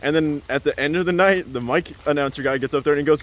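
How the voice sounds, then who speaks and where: A man's voice: on the high side, fast, fairly bright tone. A man telling a casual, rambling story as a vlogger, full of "like" and "uh" and laughing often.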